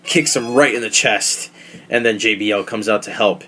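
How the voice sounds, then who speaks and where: A man hosting a casual podcast, recapping events in a rambling, profane, animated storytelling way. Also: lowish voice, normal speed. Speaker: podcast host recapping wrestling. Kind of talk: casual chat.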